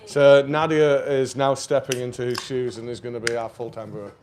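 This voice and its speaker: A man's voice: mid-range voice, level tone, fairly quick, darkish tone. Chatty man hosting a brewery stream. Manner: chatty, rambling with fillers. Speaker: brewery co-host. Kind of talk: casual live stream chat. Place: brewery taproom.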